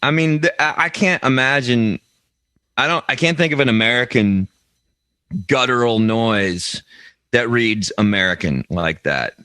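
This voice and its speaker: A man's voice: medium pitch, lively intonation, measured pace, sharp tone, clear, resonant tone, no room sound. A man co-hosting a comedy news podcast, telling stories in a rambling, self-interrupting way. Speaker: podcast co-host. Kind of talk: comedic banter.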